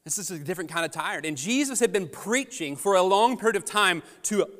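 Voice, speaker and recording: A man's voice: high-pitched, animated, a little fast, fairly bright tone, in a large hall. A man, a father, preaching a sermon as pastor, telling stories in a conversational way that swells to emphatic peaks. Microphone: handheld or headset microphone.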